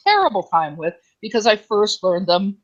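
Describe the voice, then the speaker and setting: A woman's voice: medium pitch, very animated, dull audio. A woman co-hosting a casual online group chat, chatty and rambling. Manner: chatty, rambling, quick to laugh.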